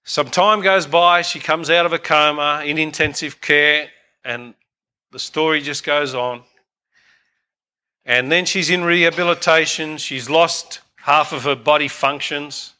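A man's voice: a little high, steady tone, a little slow, bright, forceful tone. A man, preaching and telling a story in an earnest, emphatic way, repeating points for emphasis. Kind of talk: sermon storytelling.

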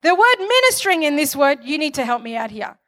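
A woman's voice: high voice, big pitch swings, fast talker, bright, forceful tone. A woman preaching a sermon, building to fervent declarations and calling on the congregation for amens. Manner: calls for amens.

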